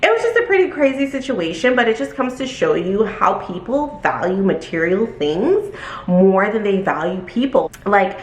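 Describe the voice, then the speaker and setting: Woman doing a storytime, animated, jumps into squeaky voices for quotes, echoey room. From Brooklyn, New York. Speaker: vlogger telling a storytime. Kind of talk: casual storytime chat.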